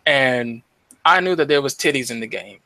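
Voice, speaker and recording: Animated, swearing young man telling stories. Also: medium pitch, moderate pace, dry recording. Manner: animated storytelling, heavy swearing, acts out quoted voices. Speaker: podcast co-host. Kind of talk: casual podcast chat.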